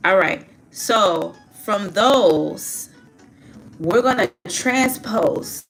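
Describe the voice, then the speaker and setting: A woman leading a group through spoken affirmations in a slow, emphatic call-and-response, urging them to repeat after her. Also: mid-range voice, a bit bright, soft background music.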